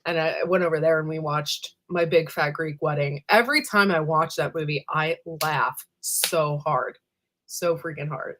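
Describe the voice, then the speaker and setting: In a deep, steady voice that is a bit bright, a woman hosts a casual livestream at a moderate pace. She rambles between asides with lots of ums and trailing thoughts, greeting viewers by name one at a time.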